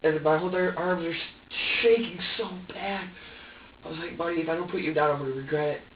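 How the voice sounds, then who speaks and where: A distressed man answering questions in an interrogation room, halting and stammering as he repeats himself. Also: on the high side, steady tone, distant mic, slight background noise. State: distressed and tense. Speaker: interrogation suspect. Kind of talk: recounting events under questioning. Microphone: distant security camera mic. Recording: tinny, echoey security footage from afar.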